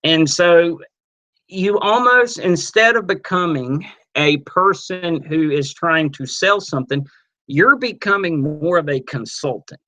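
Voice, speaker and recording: A man teaching a webinar on network marketing, casual and energetic, acting out little sales dialogues as he goes. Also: on the high side, a little slow. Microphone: computer mic on a webinar.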